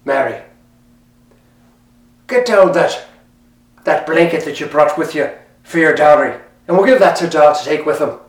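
A man's voice: fairly high pitch, lively intonation, normal speed, pauses often, voice pushed down, lightly acted. A man doing a scolding young farmer. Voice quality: complaining, scolding. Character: grumbling young farmer, sharp-tongued to his father. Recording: roomy, mic at a distance.

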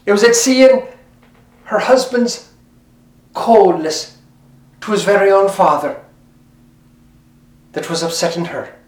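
Fella spinning an old folk tale, chatty and lilting, echoey room, mic a bit far off. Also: male voice, sits high, expressive, slow pace, long pauses. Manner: lilting, conversational, speaks to the listener. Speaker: storyteller. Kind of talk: oral folk-tale telling. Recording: roomy, mic at a distance.

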